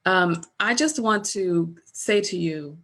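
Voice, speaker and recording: A middle-aged woman business coach giving a conversational webinar presentation over a video call, an animated storyteller. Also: on the low side, slow. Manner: animated storyteller, acts out remembered dialogue.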